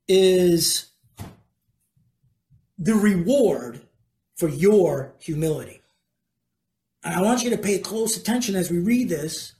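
Conversational preacher teaching a sermon. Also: medium pitch. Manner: conversational, asks the congregation questions.

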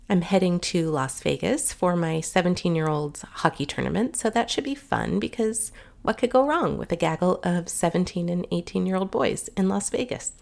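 A woman's voice: mid-range voice, vocal fry. A middle-aged woman hosting a podcast in a chatty, upbeat monologue, sounding nasal from a cold. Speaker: podcast host.

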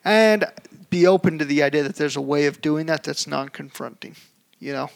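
Young male podcast co-host, gravelly, slightly high, animated storyteller. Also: normal speed. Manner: animated storytelling, acts out shouting. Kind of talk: casual chat.

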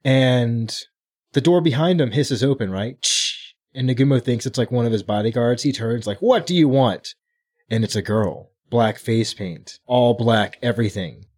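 A man's voice: medium pitch, moderate pace, a little mellow. A man co-hosting a casual book podcast, animatedly retelling a chapter and acting out the characters' lines. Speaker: podcast co-host. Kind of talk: casual book-club chat.

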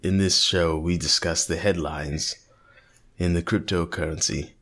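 Man hamming up a deep, slow, faintly mock-British narrator in tweed, formal and stuffy. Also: steady tone, a bit bright, full character voice. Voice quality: watered-down fake British accent. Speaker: host.

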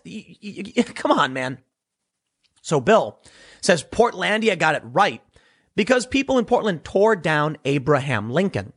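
Animated, husky-voiced sarcastic male commentator. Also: sits high, normal speed. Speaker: political commentator. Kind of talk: opinion monologue.

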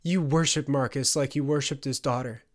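A man's voice: mid-range voice, fairly even intonation, normal speed, close to an everyday voice. A bitter young noblewoman, vengeful and afraid underneath, snaps and pleads in a raised, strained voice, as a male narrator puts her on. She sounds scornful. This is an audiobook character reading. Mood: anguished.

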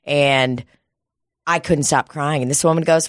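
A woman with a lowish voice, chatting bluntly and swearing freely on a comedy podcast. The recording is close and dry, with no room sound. She tells her stories in loose, casual bursts. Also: fairly even intonation, a little slow, no echo. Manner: profane, blunt storytelling. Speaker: podcast co-host.

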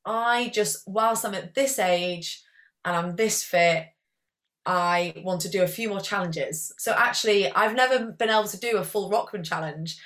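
A woman's voice: mid-range voice, measured pace, fairly bright tone. A young woman, chatting as a guest athlete in a casual interview, rambling and peppering her talk with "like".

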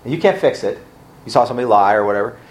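Animated male pastor preaching. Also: mid-range voice, racing. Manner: emphatic preaching with rhetorical questions and casual asides. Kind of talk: sermon. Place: church service.

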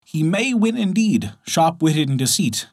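A man's voice: on the high side, big pitch swings, measured pace. A man voicing a tree spirit who recites a moral verse in a folktale. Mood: solemn.

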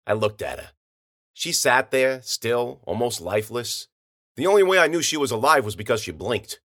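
A man narrating a hard-boiled first-person story in gritty, slangy speech with rough grammar. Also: medium pitch, lively intonation, normal speed, fairly bright tone.

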